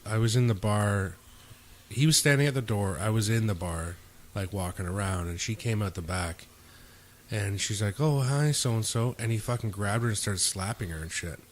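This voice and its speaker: Young man telling rambling bar stories. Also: lowish voice. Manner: rambling, profane, acts out quotes of others. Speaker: podcast host. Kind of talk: casual chat, storytelling.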